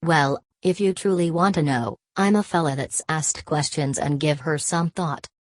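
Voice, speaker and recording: A woman's voice: sits low, moderate pace, no echo. A woman reading the part of a weary migrant father who speaks in a plain, bitter drawl, in an audiobook.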